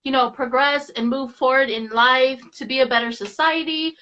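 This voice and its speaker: A woman's voice: high-pitched, steady tone, normal speed, pushed and bright. A woman hosting a podcast interview, encouraging her guest in casual conversation. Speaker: podcast host. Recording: dull lo-fi audio.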